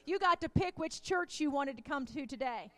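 A woman's voice: high-pitched, lively intonation, moderate pace, no room sound. A woman preacher delivering a sermon with call-and-response, often calling out amen and hallelujah. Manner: call-and-response, rising fervor.

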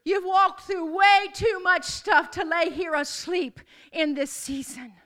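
Woman preacher, very high bright voice, declaring and repeating calls to a congregation. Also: steady tone, slow pace. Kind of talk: sermon.

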